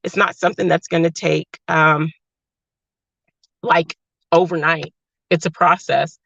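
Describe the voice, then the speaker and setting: Affectionate woman with a lilt, gravelly edge. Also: low voice, little pitch movement, a little slow, no room sound. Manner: warm, affectionate, emotional. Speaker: livestream host. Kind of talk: casual livestream chat reading comments. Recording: dry, slightly dull lo-fi sound.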